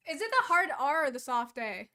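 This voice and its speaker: High-pitched girl on stream, giggles a lot, trails off, sharp tone. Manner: giggly, hesitant, often trails off. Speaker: stream guest. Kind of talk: casual live-stream banter.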